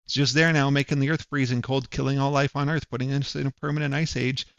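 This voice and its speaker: A man's voice: mid-range voice, level tone, quick pace, a bit bright, clear, resonant tone, no room sound. Angry ranting man, dull dry sound. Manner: ranting, profane and mocking. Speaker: commentator. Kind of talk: angry monologue.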